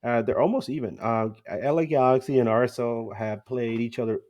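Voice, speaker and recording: A man's voice: mid-range voice, brisk, a little mellow. A man hosting a casual soccer podcast, chatty, with frequent fillers and easy laughs. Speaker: podcast host. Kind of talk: casual sports podcast talk.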